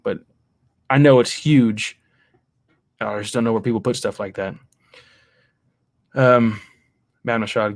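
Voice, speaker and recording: A man's voice: mid-range voice, creaky, no room sound. A man in his thirties hosting a livestream, chatting casually about toys as he reads out viewer comments, rambling with many fillers and restarts. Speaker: livestream host.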